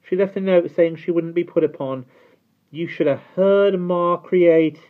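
A man's voice: high voice, unhurried, pitched above the performer's own voice. A man voicing a cheeky young street girl with a chirpy, slangy manner. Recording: tinny phone-like sound.

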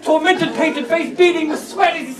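A man's voice: very high voice, moderate pace. A man playing a melodramatic talkative mime. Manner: theatrical, overwrought storytelling. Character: grief-stricken talkative male mime, melodramatic and pleading. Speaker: stage comedy actor. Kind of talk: live sketch comedy performance. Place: theater stage before a live audience. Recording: echoey live stage audio from far off, loud music and audience laughter.

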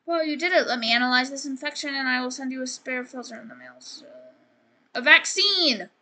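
A woman's voice: sits high, lively intonation, brisk, sharp tone. A woman streamer giving casual gameplay commentary, rambling and joking as she talks to the game characters.

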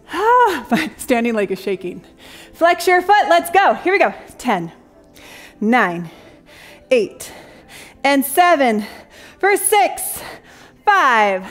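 A high-pitched, somewhat bright female voice belongs to a young adult woman teaching Pilates on the jump board. Slightly out of breath, she counts reps and cheers her class along.

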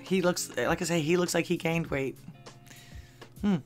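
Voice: medium pitch, unhurried, faint music behind. Dry-witted host reading funny posts aloud. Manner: dry asides between readings, chuckles at jokes. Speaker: channel host. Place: home in Texas.

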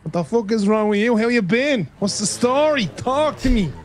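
A man's voice: very high-pitched, expressive, normal speed, slight background noise. A man doing in-character game roleplay, full of brash, swearing, teasing banter. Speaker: roleplay gamer.

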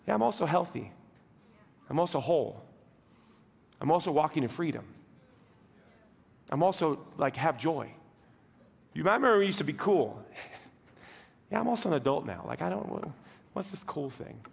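A man preaches a Sunday sermon in a relaxed, joking way, slipping into quoted voices to act out everyday scenes. His voice sits notably high for a man. The sound carries a long reverb from a large church hall. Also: normal speed, vocal fry, long pauses, slightly rough. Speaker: pastor. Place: church sanctuary.

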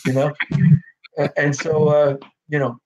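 A middle-aged man spins lively personal stories in a relaxed interview, slipping into the voices of the people he quotes. His voice sits fairly high for a man, and the recording sounds dull and lo-fi. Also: slow pace, slight background noise. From North Jersey. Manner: animated anecdotes, acts out quoted voices, frequent "you know". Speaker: actor guest. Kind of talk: casual storytelling interview. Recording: dull lo-fi audio.

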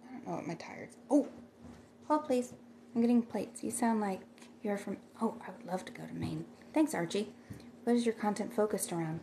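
A woman's voice: medium pitch, fairly quick, vocal fry, background noise. A middle-aged woman chatting casually on a livestream, rambling and thanking viewers by name as she reads their comments.

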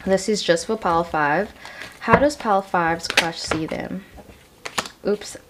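A woman's voice: lowish voice, unhurried, very noisy. A young woman giving a casual tarot card reading, chatty and reassuring, often saying "you know" and "um".

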